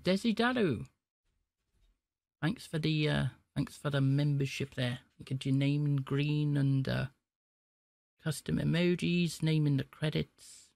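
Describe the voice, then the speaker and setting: Guy streaming, chatting to chat, gravelly voice, dry close sound. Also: a little high, a little slow, no echo. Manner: chatty, talks to chat between calls. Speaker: streamer calling scammers. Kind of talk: live stream chat and prank calls.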